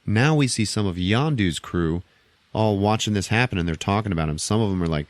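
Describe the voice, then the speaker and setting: A man with a fairly low voice runs through a film's plot for his podcast, loose and offhand, dropping the odd swear. He is close on the mic in a dry room with no echo. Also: expressive, moderate pace. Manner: offhand, profane retelling. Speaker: podcast host. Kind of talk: casual movie recap.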